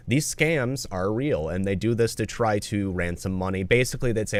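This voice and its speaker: A man's voice: lowish voice, a little fast, hardly any pauses. A man making a commentary video, appealing earnestly to viewers and swearing often. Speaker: video creator.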